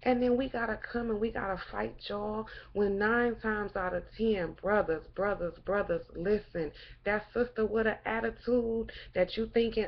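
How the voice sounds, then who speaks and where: A woman's voice: medium pitch, fairly even intonation, moderate pace, muffled recording. Fervent, preachy woman with lots of cursing. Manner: fervent, preachy, rhetorical questions, frequent cursing. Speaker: vlogger. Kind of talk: impassioned monologue to camera.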